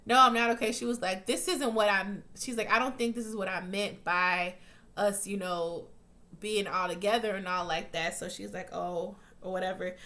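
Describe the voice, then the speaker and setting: A chatty woman tears through a TV episode recap, swearing freely and slipping into the characters' voices as she goes. Her voice is bright and forward, set at a middle pitch for a woman. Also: fairly even intonation, normal speed. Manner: profane, blunt, chatty, acts out quotes. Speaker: TV recap vlogger. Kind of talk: casual recap.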